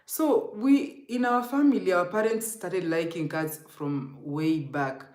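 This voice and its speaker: A woman's voice: on the low side, slow, darkish tone, echoey room. A Kenyan woman telling an emotional, rambling storytime to her viewers, often calling them guys. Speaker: vlogger. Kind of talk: storytime vlog.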